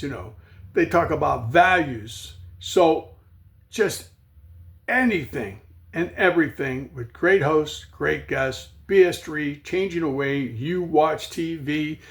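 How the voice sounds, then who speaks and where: A man hosting his own comedy show, telling jokey, rambling stories in a monologue. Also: medium pitch. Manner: jokey, rambling storytelling with whoops and laughs. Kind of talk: comic monologue.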